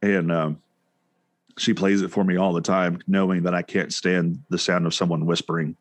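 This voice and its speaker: A man's voice: low voice, little pitch movement, normal speed, dry recording. A man co-hosting a casual chat show, talking in a rambling way with many restarts and fillers. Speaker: podcast co-host.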